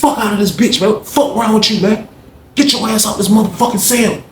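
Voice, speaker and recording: A man's voice: high-pitched, fairly even intonation, a little fast, echoey room, a little hiss or hum, voice pushed up, lightly acted. A man voicing a furious male prison inmate who curses and threatens. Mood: angry. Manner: cursing, threatening, raised voice.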